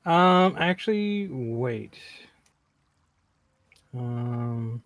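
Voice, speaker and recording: Tabletop player guy, jokey and laid back, lots of um and uh, mid pitch. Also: expressive, extremely slow, a bit bright, dry recording. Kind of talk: casual tabletop game chat.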